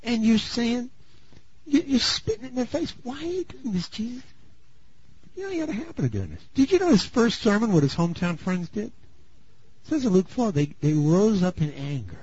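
A man preaching a sermon, dramatic and swinging from loud bursts to hushed asides. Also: high voice, sing-song, normal speed, pauses often, husky. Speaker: pastor. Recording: dull lo-fi sound.

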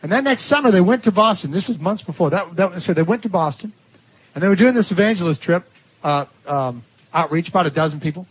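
A man with a high, husky voice tells stories from the pulpit with animation, acting out the voices of the people in them. The recording is dull and lo-fi. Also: fast. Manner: animated storytelling, laughing at his own stories, acting out quoted voices. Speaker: preacher. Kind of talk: sermon storytelling.

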